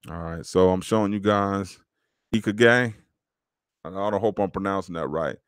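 A low-voiced man hosts his own podcast, talking in a loose, slangy, preachy way. His voice sits close and dry, with no room sound around it. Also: moderate pace, smooth, no room sound. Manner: casual, preachy, slangy, addresses listeners as dog. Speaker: podcast host. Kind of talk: motivational podcast monologue.

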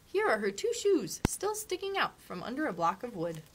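A woman reading aloud and voicing a kindly little old woman, a good witch who talks sweetly and calmly. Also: a little high, background noise. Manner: sweet, calm, gently measured.

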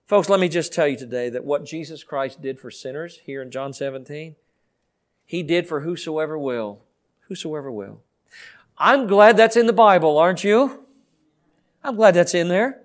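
A Southern American pastor preaching a fervent sermon in a church, swinging from quiet pleading to shouting. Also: male voice, on the high side, moderate pace. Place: church sanctuary.

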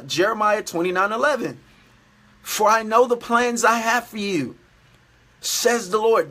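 Male preacher, high bright voice, earnest repetitive devotional exhortation. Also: breathy edge. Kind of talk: daily devotional sermon.

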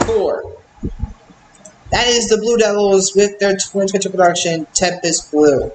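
In an echoey room with faint ambience and background noise, a young man with a high voice hosts a reaction channel. He rants bluntly and slowly, with long pauses, repeating himself out of exasperation.

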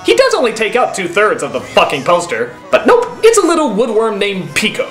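A woman hosting a comedic film review, sarcastic and ranting with shouting bursts. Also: mid-range voice, wildly swooping pitch, fairly quick, hardly any pauses, echoey room, soft background music. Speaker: film review show host.

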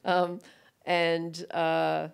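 Woman, middle-aged, stage guest; low and gravelly, animated storyteller who acts out voices. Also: drawn-out words. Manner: animated storyteller acting out quoted voices, laughing often. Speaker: guest author and film director. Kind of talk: stage conversation, anecdotal storytelling.

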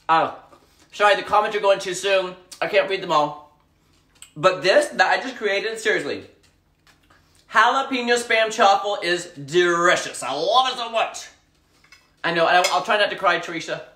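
Bubbly high-voiced man cooking live. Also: sharp tone, reverberant, recorded from a distance. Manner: bubbly, gushing, chatty. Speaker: home cooking vlogger. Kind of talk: live cooking stream chat. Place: home kitchen.

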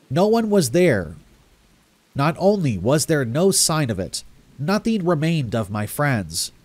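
Man narrating a horror story, mid-pitched, measured and grave. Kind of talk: first-person horror story reading.

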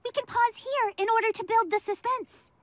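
A woman's voice: extremely high pitch, normal speed, no room sound. A woman voicing an earnest, cheerful alien girl hero who speaks in odd, overly formal phrasing in a cartoon. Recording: cartoon dialogue over loud music.

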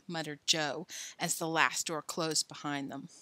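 A woman reading a children's book aloud, expressive and friendly toward young listeners. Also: low voice, measured pace, dry recording.

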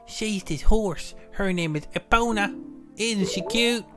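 A man's voice: sits high, slow pace, music in the background, pitched above the performer's own voice. A man voicing a cheerful young farm girl with a put-on Southern accent, sweet and sing-song. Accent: put-on American Southern.

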